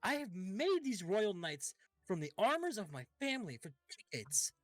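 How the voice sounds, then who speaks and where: A man's voice: high-pitched, sing-song, normal speed, no room sound, faint music behind, pitched above the performer's own voice. A man voicing a pompous male noble who hosts an estate and guards his pride, speaking in a haughty, indignant way. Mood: offended.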